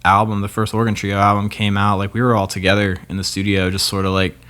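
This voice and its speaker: A man's voice: fairly low pitch, little pitch movement, fast talker, a bit bright. A young man, a guest guitarist, talking in a laid-back, rambling way with many fillers. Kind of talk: casual chat.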